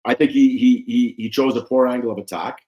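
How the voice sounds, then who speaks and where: Man, former referee, podcast guest, animated storyteller, middle pitch. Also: fairly quick, dull audio. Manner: animated storyteller, acts out quotes with raised pitch. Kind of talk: casual interview storytelling.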